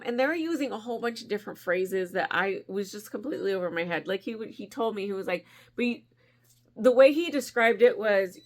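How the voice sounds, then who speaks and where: A woman in her forties, a crafting vlogger, telling a long rambling story in a chatty, animated way and laughing often. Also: medium pitch, normal speed. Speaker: crochet vlogger.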